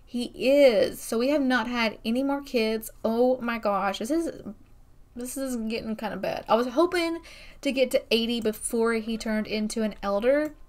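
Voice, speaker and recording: A young woman hosting a gaming video, chatting excitedly through her gameplay with frequent exclamations. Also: a little high, normal speed. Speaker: gaming channel host. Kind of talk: casual game commentary.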